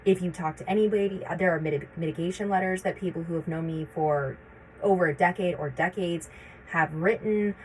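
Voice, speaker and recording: A woman's voice: lowish voice, fairly quick, slight background noise, poor audio. A woman in her thirties telling a personal story to camera, urgent and repetitive as she relives her anxious thoughts. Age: 30s. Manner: urgent, repeats herself, voices her own anxious thoughts. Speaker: vlogger sharing her experience.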